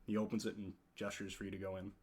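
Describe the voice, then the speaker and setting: A man's voice: fairly low pitch, little pitch movement, fast talker, breathy edge. A man narrating a tabletop game as game master, hesitant and full of filler words.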